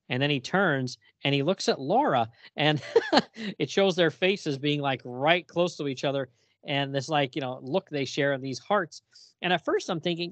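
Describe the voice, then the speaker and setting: A man co-hosting a podcast in casual chat, retelling a comic scene in an animated way and laughing often. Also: on the high side, moderate pace, dry recording. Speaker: podcast co-host.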